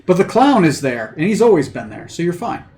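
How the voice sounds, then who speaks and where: A man's voice: sits high, sing-song, brisk, darkish tone. A man acting as game master for a tabletop game, narrating loosely with many fillers and restarts. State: has the hiccups.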